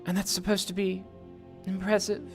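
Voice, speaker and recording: A man voicing a seductive female Daedra who taunts her rival, in a soft, breathy voice. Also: high voice, monotone, normal speed, over music. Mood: sneering. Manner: mocking, taunting.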